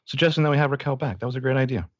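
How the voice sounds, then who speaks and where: A man's voice: mid-range voice, animated, very fast, dry recording, muffled recording. A man co-hosting a podcast in casual chat, joking and laughing often, with lots of fillers. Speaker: podcast co-host.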